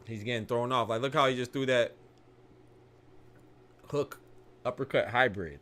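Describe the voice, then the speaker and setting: A young man giving casual live commentary on a boxing match, slangy and excitable, often restarting sentences and laughing. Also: medium pitch, normal speed.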